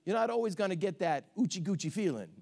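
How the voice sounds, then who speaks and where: A male pastor preaching a sermon in an emphatic way, swinging between shouts and soft asides. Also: sits high, expressive, fast, vocal fry.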